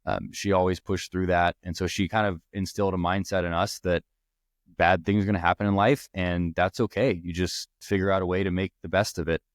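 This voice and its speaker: Deep-voiced young man telling personal stories. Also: flat delivery, brisk, dry recording, studio quality. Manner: earnest, rambling with restarts. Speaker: podcast host. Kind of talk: personal storytelling.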